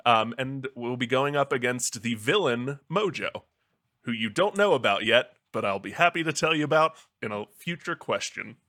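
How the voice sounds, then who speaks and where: Playful bright-voiced man on a podcast. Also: animated, moderate pace. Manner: playful, joking pitch delivery. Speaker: podcast panelist. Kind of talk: casual comedic podcast chat.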